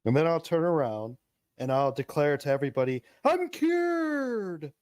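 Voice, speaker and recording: A man's voice: medium pitch, brisk, darkish tone, clean tone, dry recording, studio quality. A man playing a tabletop role-playing game, thinking aloud in a playful way. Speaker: player. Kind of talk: in-character tabletop role-play.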